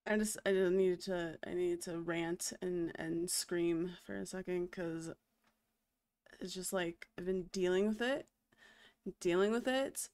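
A woman's voice: fairly low pitch, unhurried, a little mellow. A young adult woman streaming a game, ranting in exasperation and swearing often in casual chat. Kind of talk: casual live-stream venting.

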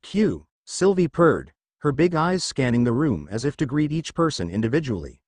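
A man's voice: medium pitch, very animated, moderate pace, no echo. A man reading a fan fiction story aloud in an audiobook style, giving the characters small voice shifts.

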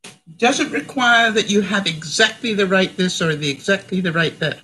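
In this casual live cooking demo, a chatty middle-aged woman from Canada talks to her stream viewers from her home kitchen, laughing often. She has a medium-pitched, expressive voice at a normal speed, pushed and bright in tone. Audio quality is poor.

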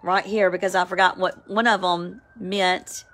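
Chatty woman, slow and emphatic. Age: 50s. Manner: chatty and emphatic, swings to high excited cries. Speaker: Christian devotional vlogger. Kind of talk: casual spoken devotional. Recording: home, with a siren outside.

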